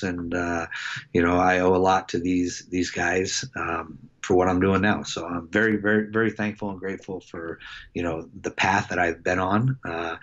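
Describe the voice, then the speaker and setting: Middle-aged guy, really low voice, stops and restarts a lot, kinda muffled podcast sound. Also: a bit bright. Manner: reflective, halting with many fillers and restarts. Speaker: wrestling head coach, podcast guest. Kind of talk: casual storytelling interview.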